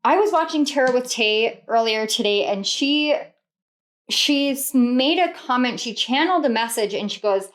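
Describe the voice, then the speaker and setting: A woman's voice: on the high side, expressive, moderate pace. A woman reading tarot cards to camera, earnest and rambling, often repeating herself and laughing. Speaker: tarot reader.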